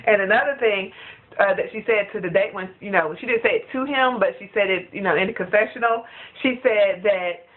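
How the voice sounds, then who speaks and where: A woman chatting in a casual review vlog, gossipy and animated, laughing often. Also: mid-range voice, a little fast. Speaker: reality TV reviewer. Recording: tinny phone-like sound.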